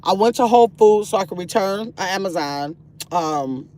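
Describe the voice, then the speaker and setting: An older woman chats into her phone from a parked car, talking straight to her viewers as she reads their comments aloud. Her voice sits at an ordinary middle pitch, and she swings between sweet gushing and sharp, sassy talk. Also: lively intonation, normal speed, a little hiss or hum. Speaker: livestream host reading chat. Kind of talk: casual livestream chat.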